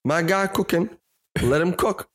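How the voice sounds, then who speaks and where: A man's voice: sits high, a little slow, a bit bright. A man co-hosting a casual podcast, reading an article aloud with joking asides and frequent swearing. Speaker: podcast co-host.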